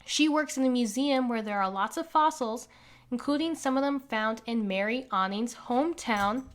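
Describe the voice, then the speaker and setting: A woman reading a children's picture book aloud in an animated way, pointing out the pictures with small laughs. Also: fairly high pitch, moderate pace. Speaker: conservation group organizer reading to children.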